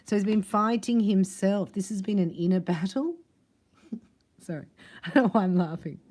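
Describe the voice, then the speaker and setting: A woman giving a casual spiritual tarot reading, chatty and quick to laugh. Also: mid-range voice, darkish tone. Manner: chatty, laughs often, acts out other voices. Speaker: tarot reader.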